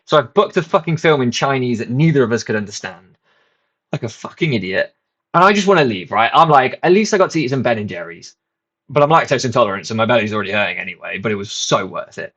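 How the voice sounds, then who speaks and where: A man's voice: mid-range voice, lively intonation, fast, fairly bright tone, muffled recording. A man and channel host casually telling a rambling, self-mocking story, swearing freely.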